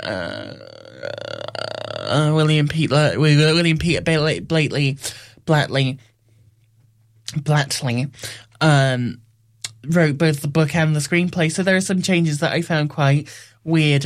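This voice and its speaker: A man giving a casual spoken film review, rambling and wry, often correcting himself mid-sentence. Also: fairly high pitch.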